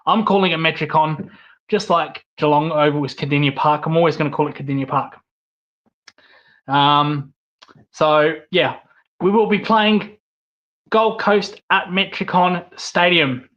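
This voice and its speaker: A man's voice: a little high, fairly even intonation, a little slow, fairly bright tone, highs cut off. A young man hosting his own vlog, talking bluntly and casually about his football club with fillers, restarts and the odd swear. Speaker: vlog host and football fan. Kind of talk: casual opinionated monologue.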